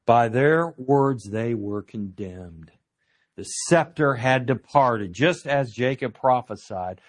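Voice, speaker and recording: A man preaching a sermon as a Bible teacher, earnest, stressing key words slowly, with frequent uh fillers and rhetorical questions to his listeners. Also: mid-range voice, animated.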